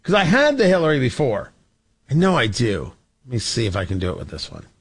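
A man's voice: mid-range voice, wildly swooping pitch, a little fast, very noisy. A man hosting a political talk show, delivering sarcastic, opinionated commentary with frequent restarts. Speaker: radio talk show host.

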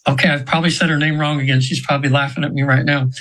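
A man's voice: fairly high pitch, flat delivery, racing, a bit bright, rough recording. A man in his seventies telling a long personal story to a host in a chatty, rambling way, with many fillers and restarts. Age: 70s. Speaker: guest practitioner of trance sessions.

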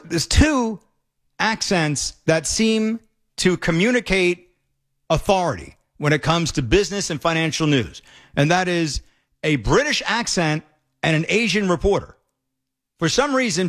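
A man hosting a talk radio show, giving emphatic, argumentative commentary with quick asides. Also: high-pitched, a bit bright.

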